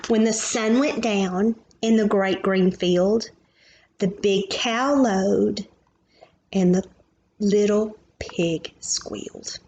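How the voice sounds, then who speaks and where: Reading a picture book to little kids, a preschool teacher speaks gently, stopping now and then for questions and to show the illustrations. She has a medium pitch and a slow pace, over dull audio with slight background noise.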